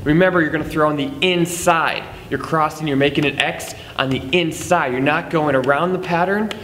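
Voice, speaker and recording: A man's voice: fairly high pitch, brisk, fairly bright tone. Jokey man teaching juggling. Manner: jokey, chatty, self-deprecating, counts throws aloud. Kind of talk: casual tutorial to camera. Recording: long reverb, faint background noise.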